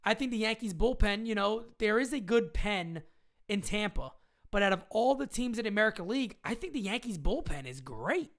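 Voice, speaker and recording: A woman's voice: mid-range voice, expressive, a little fast. A woman hosting a casual live stream chat, talking in slangy, emphatic bursts, repeating her points and answering viewer questions. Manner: slangy fan talk, occasional swearing.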